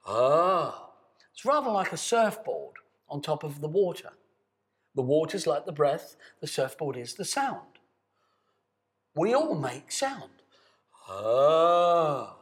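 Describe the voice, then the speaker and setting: Animated man coaching voice and breathing. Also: a little high. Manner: calm, coaxing, addresses the viewer directly; demonstrates sustained sung tones. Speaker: voice and meditation teacher. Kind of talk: guided voice and breathing exercise. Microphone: speaking to camera.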